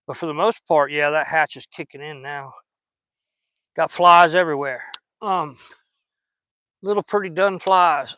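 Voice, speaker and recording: A chatty man with a Southern US drawl rambles in a folksy way as he fishes outdoors on a river. His voice sits a little high and rings bright and forceful, and the sound is dry and close. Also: a little slow, pauses often, dry recording, poor audio. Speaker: fishing vlogger. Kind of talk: casual chat while fishing.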